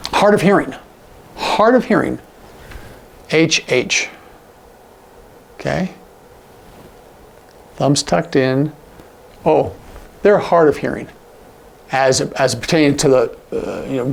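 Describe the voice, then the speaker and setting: A man teaching sign language in a casual, animated way, acting out example lines with big jumps in his voice. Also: on the high side, unhurried, gravelly, pauses often. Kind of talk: casual instructional talk.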